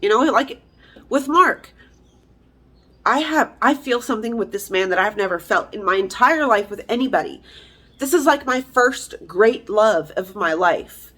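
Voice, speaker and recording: A woman's voice: fairly high pitch, expressive, unhurried, a bit bright. A woman talking frankly and emotionally in a personal vlog, heated, swearing freely and using lots of fillers. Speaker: vlogger.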